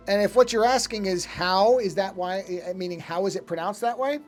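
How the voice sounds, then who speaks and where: A man's voice: high-pitched, fairly quick, few pauses, soft background music. A man chatting casually to his live-stream chat while drawing, rambling and often breaking off to fix something. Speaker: art streamer.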